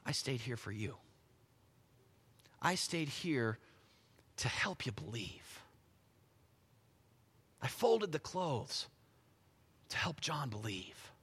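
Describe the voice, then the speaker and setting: A preacher voicing a gentle, hushed savior. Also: male voice, medium pitch, very animated, slightly rough, pitched below the performer's own voice, exaggerated voice. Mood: tender. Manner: hushed, slow and soft. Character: gentle, tender adult male savior speaking softly. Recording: long hall reverb.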